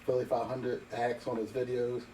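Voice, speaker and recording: A man talking quietly off camera, making short, dry interjections to the host. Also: medium pitch, little pitch movement, moderate pace, crowd noise, rough recording. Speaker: off-camera companion.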